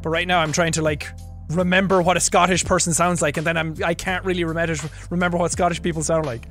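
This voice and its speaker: A young Irish man casually chatting on a livestream, reading viewer messages and laughing between quick remarks. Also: on the high side, level tone, fairly bright tone, faint music behind. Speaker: streamer. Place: home recording room.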